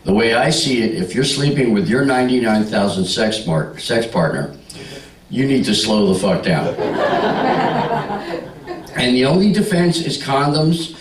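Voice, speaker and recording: A male stand-up comic working a club crowd, brash and teasing, his pitch swinging up and down as he sells each joke. He sounds a bit off the mic, with an echoey room around him. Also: very animated, a little slow, pauses often, distant mic, a little hiss or hum. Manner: brash, teasing, bawdy banter with the audience. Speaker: stand-up comedian. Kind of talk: stand-up comedy with crowd work. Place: comedy club stage.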